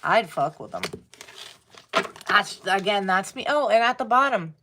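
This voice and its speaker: Female tarot reader, unhurried delivery, blunt and profane with laughter. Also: medium pitch, expressive, noisy background. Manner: blunt, swears freely, laughs while talking. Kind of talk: casual tarot reading talk.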